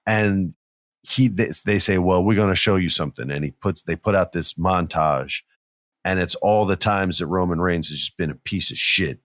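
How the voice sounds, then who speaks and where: Male podcast co-host, low voice, dry close-mic sound, lively storyteller. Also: moderate pace, no echo. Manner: animated storyteller, acts out wrestlers' lines. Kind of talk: casual wrestling podcast chat.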